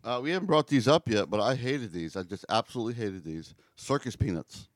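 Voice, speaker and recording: A man's voice: medium pitch, expressive, a little fast, no room sound. A man in a casual podcast chat, talking emphatically and repeating words.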